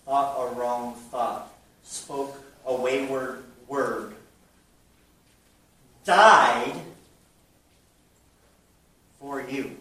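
A man preaching a sermon to a church audience, shifting between a hushed voice and loud bursts. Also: mid-range voice, very slow, long pauses. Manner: animated preaching, drops to a hush then bursts loud. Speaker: pastor. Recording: very echoey hall, mic at a distance.

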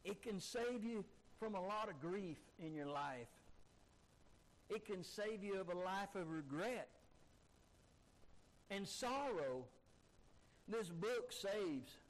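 A man's voice: high-pitched, expressive, slow, pauses often, rough recording. A man preaching a sermon emphatically, driving his points home with repeated rhetorical questions. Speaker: pastor.

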